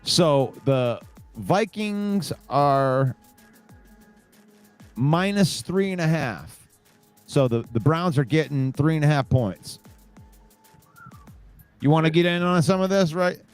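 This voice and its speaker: A man's voice: on the high side, expressive, slow, long pauses, clean tone, faint music behind. A man hosting a casual sports podcast, rambling and repeating words as he talks. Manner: rambling, repeats words, laughs while talking. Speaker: podcast host.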